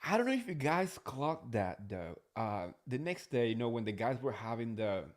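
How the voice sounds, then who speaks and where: A man's voice: medium pitch, sing-song, normal speed. A man hosting a casual reality TV recap, chatty and gossipy, swearing freely. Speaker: host.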